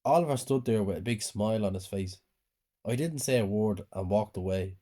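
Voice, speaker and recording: Calm guy telling a creepy bedtime horror story, warm mellow voice. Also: lowish voice, normal speed. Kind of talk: scripted horror story narration.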